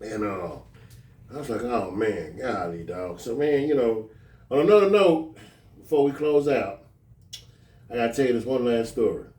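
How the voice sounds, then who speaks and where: A man's voice: normal speed, long pauses, recorded from a distance. A man casually telling stories on a podcast, acting out the people he quotes. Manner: animated storyteller, jumps high to act out quoted voices. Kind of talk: casual storytelling chat. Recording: roomy echo, speaking from off the mic.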